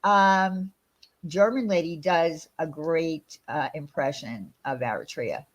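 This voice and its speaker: A woman's voice: low-pitched, slow. Woman host of a casual stream, heated and profane, rambling delivery. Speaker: channel host. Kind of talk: casual livestream chat.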